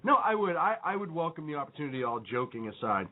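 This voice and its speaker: A man's voice: on the high side, very animated, fast talker. A man co-hosting a radio talk show, bantering casually with many fillers and laughing often. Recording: phone-like narrow audio.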